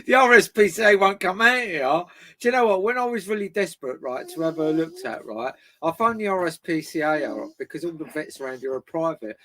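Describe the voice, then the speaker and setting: A man's voice: high voice, lively intonation, moderate pace, bright, forceful tone. A British man chatting casually on a live stream from home, laughing often and swearing freely. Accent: British English. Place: at home with his dog.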